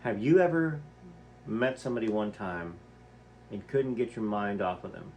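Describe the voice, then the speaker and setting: A man's voice: lowish voice, moderate pace, a little mellow, a little hiss or hum. Man reading aloud, chatty asides. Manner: conversational, poses questions to listeners. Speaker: book reader and commentator. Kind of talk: reading aloud with casual commentary.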